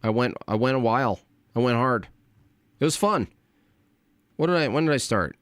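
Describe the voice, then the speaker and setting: A man hosting a late-night livestream, ranting and rambling with heavy swearing and often trailing off into low mutters. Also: lively intonation, moderate pace, clean tone, dry recording. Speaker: livestream host.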